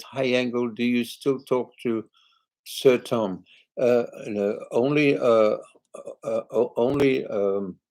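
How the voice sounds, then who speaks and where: An older British man, a singer, hosts a live chat and reads viewer comments aloud in a chatty, rambling way. His voice is mid-range with a darkish tone, and the audio quality is poor.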